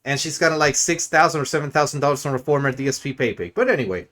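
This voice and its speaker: A man's voice: a little high, rapid-fire, fairly bright tone. Crude sarcastic male streamer ranting. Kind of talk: mocking rant commentary.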